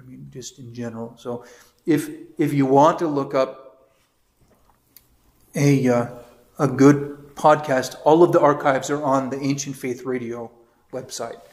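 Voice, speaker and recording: A man's voice: medium pitch, a little mellow. A man with an American accent, a priest teaching a catechism class in a conversational lecture style, telling anecdotes and reading passages aloud. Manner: conversational, tells anecdotes with quoted voices, reads passages aloud.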